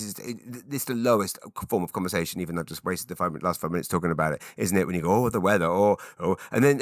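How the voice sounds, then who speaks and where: This English podcast host, a man in his forties with a British accent, speaks on the low side with a fairly bright tone. Rambling through his solo show, he interrupts himself and jumps into silly voices, captured in studio quality with no room sound.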